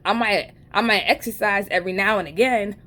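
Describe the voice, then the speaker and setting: A woman with a New York accent chats casually to the camera. Her speech is loose and slangy, full of asides and jokes, at a mid-range pitch. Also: a little fast, pushed and bright. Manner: rambling, conversational, slangy and joking. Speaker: vlogger. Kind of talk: casual storytelling chat.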